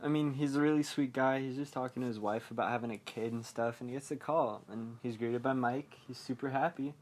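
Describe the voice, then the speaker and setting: A man's voice: mid-range voice, steady tone, a little fast, darkish tone. A man hosting a podcast, recapping a horror movie in a casual, rambling way, full of fillers and chuckles at his own remarks. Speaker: podcast host.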